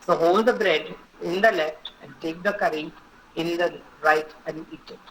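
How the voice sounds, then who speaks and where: A woman's voice: fairly low pitch, fairly even intonation, normal speed, low-quality recording. Woman teacher, firm and repetitive, keeps checking "okay?", faint noise behind. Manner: instructive, repeats points and checks with "okay?". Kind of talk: online etiquette class.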